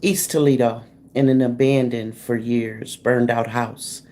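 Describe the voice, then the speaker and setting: A woman's voice: a bass voice, steady tone, unhurried, dark tone, slight background noise. A woman hosting a true crime livestream in a casual, blunt, slangy way, calling out critics and greeting viewers in the chat by name.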